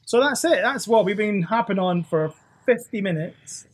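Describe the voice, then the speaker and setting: A man's voice: high voice, lively intonation, moderate pace, breathy edge. A man hosting a casual gaming chat, swearing, teasing and laughing a lot. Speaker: podcast host.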